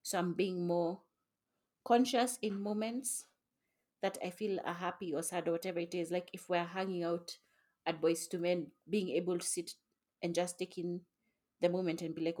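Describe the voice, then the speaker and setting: Reflective young woman, slightly low voice. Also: steady tone, normal speed, a little mellow. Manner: reflective, teary, swears casually. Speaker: podcast co-host. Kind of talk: casual chat.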